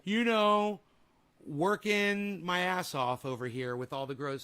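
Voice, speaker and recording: A man's voice: sits high, takes it slowly, pushed and bright, a little hiss or hum. A man hosting a casual livestream, reading viewer comments and trash-talking in a crude, taunting way. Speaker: livestream host.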